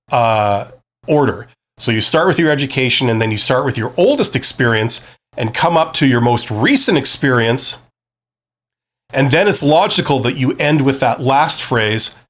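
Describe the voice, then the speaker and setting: Guy on a live stream giving job interview advice, lively up and down voice, keeps asking "right?". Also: mid-range voice, moderate pace. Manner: conversational, explanatory, frequent "right?" check-ins. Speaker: career advice host.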